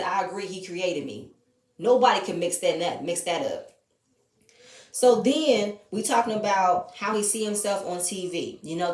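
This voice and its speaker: Woman vlogger, blunt and profane, casual show commentary; echoey room, mic at a distance. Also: fairly low pitch. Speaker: reality show reviewer.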